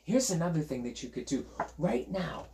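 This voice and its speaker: A man's voice: fairly high pitch, big pitch swings, moderate pace, warm tone, slight background noise. A male teacher reading a picture book aloud to children in a playful, chatty way and inviting them to join in. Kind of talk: storytime read-aloud for children.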